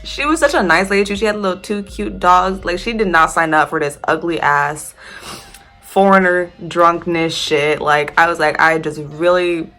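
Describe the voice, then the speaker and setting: A woman's voice: lowish voice, normal speed, pushed and bright, soft background music. A young American woman casually telling a storytime tale, chatty, laughing and swearing freely. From United States.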